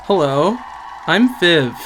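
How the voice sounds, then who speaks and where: A man in his twenties, a guest on a casual review, with dry, deadpan humor. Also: a little high, slow pace, a little hiss or hum. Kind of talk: casual video review chat.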